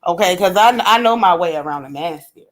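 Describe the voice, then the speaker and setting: A woman's voice: on the low side, expressive, quick pace. A woman co-hosting a live stream in casual chat, talking bluntly and with animation, swearing freely and laughing often. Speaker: livestream co-host.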